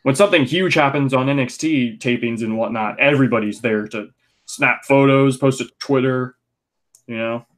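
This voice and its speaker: A young man in casual podcast conversation, riffing on wrestling storylines. His delivery is loose and rambling, with filler words and animated outbursts when he gets worked up. His voice sits at an ordinary male pitch. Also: normal speed. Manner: chatty, rambling, animated opinions with lots of fillers. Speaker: podcast co-host.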